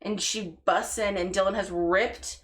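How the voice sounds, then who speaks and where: A young woman telling stories in casual podcast chat, deadpan and acting out the quotes. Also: mid-range voice, unhurried. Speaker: guest, cousin.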